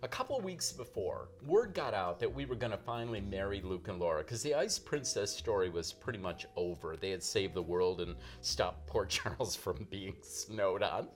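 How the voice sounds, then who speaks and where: A man, a guest author, telling an anecdote in a lively, animated way, acting out the quotes. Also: deep voice, normal speed, hardly any pauses, faint music behind.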